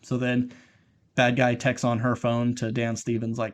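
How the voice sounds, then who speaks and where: A man's voice: mid-range voice, monotone, a little slow. A man co-hosting a podcast, casually retelling a movie plot in a rambling way, swearing and acting out the characters' lines. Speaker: podcast co-host. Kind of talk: casual film recap chat.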